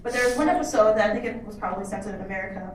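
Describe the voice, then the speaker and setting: A woman in the audience telling a story in an animated way. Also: medium pitch, rapid-fire, slight background noise. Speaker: audience member. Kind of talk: question from the audience. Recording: echoey hall from far off, crowd behind.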